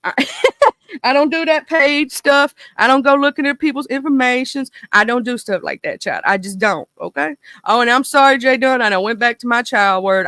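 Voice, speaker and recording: Bright, goofy Mississippi-accented woman. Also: a little high, no room sound. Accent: Mississippi Southern US. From small town in northern Mississippi, USA. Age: 30s. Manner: goofy, animated, talkative, goes off on tangents. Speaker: livestream host. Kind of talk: casual livestream commentary chat.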